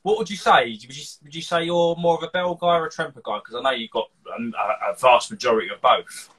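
A man's voice: medium pitch, quick pace, fairly bright tone, breathy edge, low-quality recording. A man from Cheshire hosting a casual live chat, rambling and laughing often. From Cheshire, England. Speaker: host of a live show.

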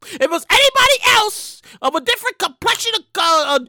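A woman hosting her own show rants with indignant energy, her voice very high, bright and sharp, and it swings all over the place. She swears, repeats herself and keeps circling back to her point. The sound is dry and close. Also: big pitch swings, brisk, no echo. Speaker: show host. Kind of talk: ranting commentary.

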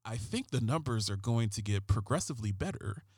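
A man putting on the voice of a deadpan TV crime detective, speaking low and slow with dramatic pauses. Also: very noisy. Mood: deadpan hushed.

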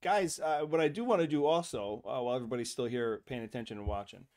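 A man's voice: medium pitch, fast, darkish tone. A man hosting a podcast, chatting casually with many fillers and laughs. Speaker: podcast host. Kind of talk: casual chat.

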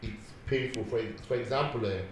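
A man with a Nigerian accent chatting casually as host, telling animated stories and slipping into Pidgin phrases. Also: mid-range voice, brisk. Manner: animated storyteller who switches into Pidgin and Yoruba. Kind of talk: casual chat. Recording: echoey room with background noise.

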